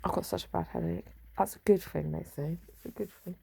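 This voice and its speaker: Woman, rambling vlog monologue, dark mellow tone, very gravelly, mutters and trails off. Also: lowish voice, brisk. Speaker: vlogger.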